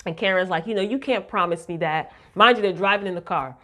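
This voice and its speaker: A woman talks through a TV episode recap in a loose, chatty way. She is animated and slangy, talking straight to her viewers. Her voice sits at an ordinary middle pitch for a woman. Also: fast talker. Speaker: recap vlogger. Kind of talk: casual TV recap chat.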